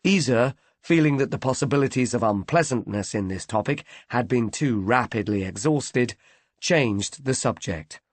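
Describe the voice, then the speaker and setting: A man reading a mystery novel aloud in a measured, expressive way. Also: medium pitch, dry recording. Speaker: audiobook narrator. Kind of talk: scripted narration.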